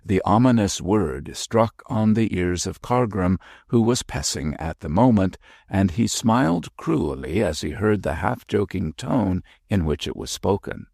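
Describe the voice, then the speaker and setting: A man narrating a classic mystery audiobook in a measured, expressive reading. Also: low voice, gravelly, no room sound, studio quality.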